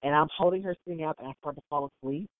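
A woman telling stories in a casual chat, animated and full of laughter, acting out what people said. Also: low-pitched, racing, no room sound. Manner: animated storyteller, big laughs, acts out quotes. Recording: tinny phone-like line, dry.

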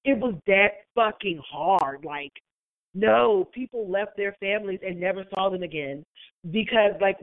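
A woman in casual podcast chat, telling stories and acting out what others said in put-on voices. The sound is dry and tinny, like a phone line. Her pitch sits in the middle range. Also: a little slow, no echo. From Maryland, USA. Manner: animated storyteller who acts out quotes in other voices.

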